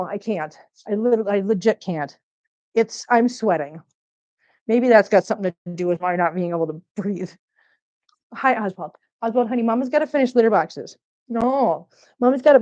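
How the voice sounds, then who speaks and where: A talkative woman from Missouri with a mid-range voice chats casually on a livestream, speaking into a laptop mic at home. As a cat channel host, she wanders from topic to topic and drifts into soft baby talk for her cats, and the audio sounds slightly dull.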